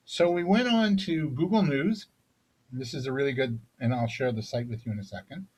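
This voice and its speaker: A man's voice: medium pitch, lively intonation, brisk, a little mellow, husky, rough recording. A man giving a business coaching talk on selling, conversational, often checking in with "right?" and restarting phrases. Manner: conversational, frequent "right?" tag questions and restarts. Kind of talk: recorded sales seminar talk.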